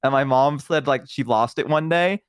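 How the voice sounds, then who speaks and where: A man with a middle-pitched voice chats casually as a stream guest, telling loose childhood stories full of "um" and "like." The recording is dry and close, with no room sound. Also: moderate pace, clean tone, no room sound. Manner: rambling, filler-heavy storytelling. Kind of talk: casual chat.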